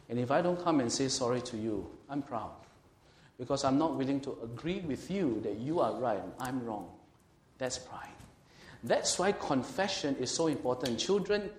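A man with a Singaporean English accent preaching a sermon as a pastor, swinging between loud and quiet delivery and acting out quoted speech. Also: mid-range voice, reverberant. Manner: lively, swings from loud to quiet, laughs often, acts out quotes.

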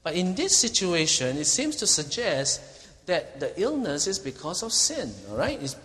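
A man's voice: high voice, very animated, moderate pace, a bit bright. A man preaching an expository sermon, teaching with emphasis and often checking in with his listeners by asking "okay?". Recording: long reverb of a hall.

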